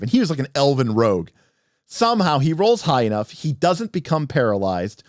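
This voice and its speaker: A man narrating a tabletop game story on a livestream as game master, animated and rambling with restarts. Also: mid-range voice, fairly quick, no echo, clean studio sound.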